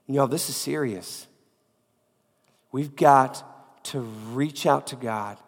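A man preaching a sermon as pastor, with a cold, repeating phrases emphatically, swinging from loud peaks to quiet. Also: medium pitch, gravelly, long reverb tail. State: has a cold.

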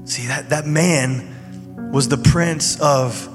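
Man, pastor, casual conversational sermon, long hall reverb, soft music behind. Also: a little high, extremely slow. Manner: conversational, informal preaching with fillers. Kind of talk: sermon and prayer.

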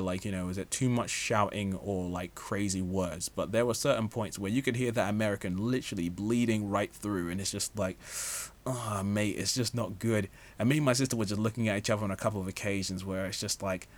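Chatty, lower-pitched man reviewing a film. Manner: chatty and opinionated, with frequent "like, you know" fillers. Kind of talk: casual movie review monologue.

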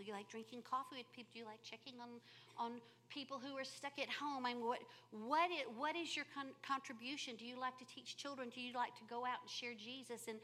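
A woman giving a sermon with animated, humorous storytelling. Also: a little high. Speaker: church speaker.

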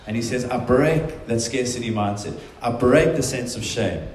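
A man's voice: mid-range voice, moderate pace, a little mellow, a little hiss or hum. A man preaching a sermon, earnest and emphatic, often voicing quotations in a stronger tone. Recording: very echoey room.

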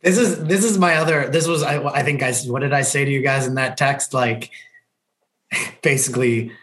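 A man's voice: medium pitch, steady tone, moderate pace, fairly bright tone. A man on a casual soccer podcast who talks in an exasperated way, laughing and swearing. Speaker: podcast panelist.

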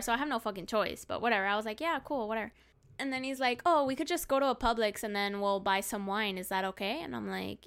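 Young woman, tipsy storyteller, exasperated and profane, smooth bright higher voice. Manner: exasperated, profane, animated retelling. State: tipsy from drinks. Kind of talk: casual storytime chat.

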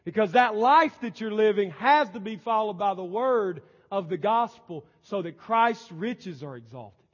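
A man preaching a sermon in a high voice, pressing his points hard and then dropping his volume low. The sound is dull and lo-fi, with a long reverb trailing through the church sanctuary. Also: animated, a little slow. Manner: emphatic preaching, swinging between loud and soft. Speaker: pastor.

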